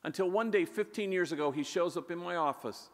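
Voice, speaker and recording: A man, a priest, telling stories in a warm conversational way in a public talk, sprinkling in Spanish words. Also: sits high, brisk. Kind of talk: storytelling speech. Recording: echoey hall with long reverb.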